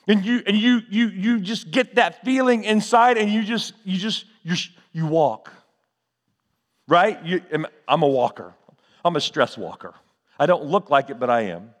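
A man's voice: high-pitched, animated, unhurried, long pauses, long reverb tail. A man preaching a sermon to his church, questioning the congregation and answering in a rising and falling delivery. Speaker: pastor.

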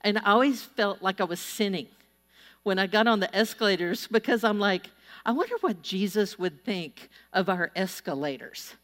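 A middle-aged woman preaching a sermon, telling stories with animated energy and urging her listeners on. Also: medium pitch, normal speed. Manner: animated storytelling, exhorting the audience. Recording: long hall reverb.

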